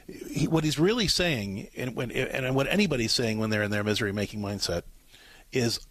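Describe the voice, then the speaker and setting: A middle-aged man hosting a call-in advice show, coaching a caller in a calm, repetitive way. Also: medium pitch, normal speed, no room sound. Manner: calm, coaching, repeats key points. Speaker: radio advice host.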